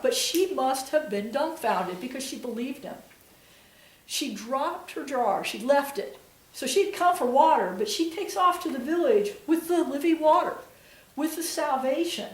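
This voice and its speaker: A woman's voice: high-pitched, roomy sound, far from the mic, rough recording. A woman guest preacher giving a conversational sermon, retelling scripture in casual everyday voices.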